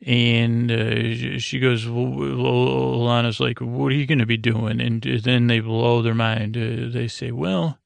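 Man, gravelly fry, flat monotone delivery, rambling recap full of fillers. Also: mid-range voice, unhurried, few pauses, no echo. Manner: meandering, many fillers, paraphrases scenes in casual slang. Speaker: podcast host.

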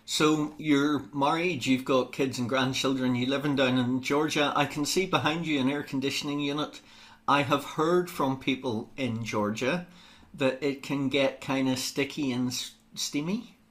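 A man's voice: medium pitch, steady tone, normal speed, a bit bright. A man, hosting a podcast and interviewing an author in a friendly, conversational way. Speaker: podcast host. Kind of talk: scripted intro then casual interview.

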